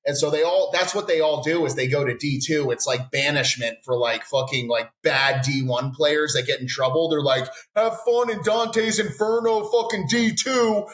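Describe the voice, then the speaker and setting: A man telling wild stories in casual podcast chat, profane, rambling and animated, from Texas. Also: mid-range voice, normal speed, few pauses. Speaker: podcast guest. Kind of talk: casual storytelling. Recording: roomy echo.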